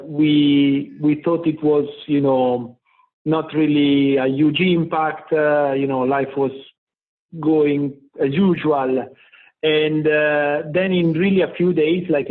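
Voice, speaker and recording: A man with an Italian accent answers interview questions, his voice sitting a little high. He speaks haltingly and fills gaps with "uh". The sound is thin and tinny, like a phone call. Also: fairly even intonation. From Italy. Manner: halting, many "uh" pauses. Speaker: company CEO guest. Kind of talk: remote interview. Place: home office in Milan.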